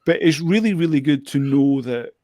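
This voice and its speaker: A man's voice: on the high side, animated, moderate pace, warm tone, no room sound, studio quality. A man, a guest drone show operator, telling stories in casual chat, often repeating his words and laughing as he talks.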